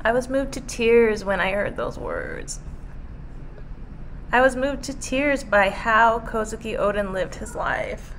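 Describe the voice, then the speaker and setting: An earnest young female warrior, resolved to give her life for another, her lines read aloud by a woman. The delivery is slow and measured, in a slightly high voice, with no real character voice put on. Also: very animated, a bit bright, a little hiss or hum, full character voice.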